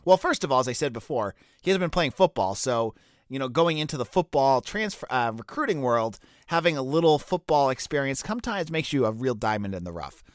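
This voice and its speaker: A man's voice: medium pitch, sing-song, brisk, no echo, studio quality. A man with a Boston accent giving casual solo commentary as a college football recruiting analyst, talking loosely with fillers and restarts. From Boston area. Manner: conversational, many fillers and restarts.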